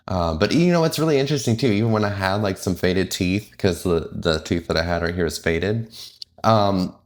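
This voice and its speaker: A man who works as a flight attendant, talking casually and candidly in a vlog, rambling with lots of fillers and self-corrections. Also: low-pitched.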